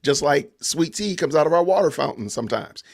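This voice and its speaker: A man's voice: fairly high pitch, animated, fairly quick, vocal fry. A man with a Southern Georgia accent hosting a casual livestream podcast, chatting loosely with viewers and greeting the chat. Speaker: podcast host.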